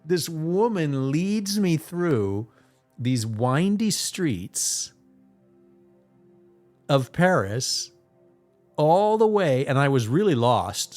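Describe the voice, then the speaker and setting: A man hosting a live tarot reading stream, chatting casually, telling stories and chuckling often. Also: mid-range voice. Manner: animated, chuckling, relaxed. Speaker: tarot reader and livestream host.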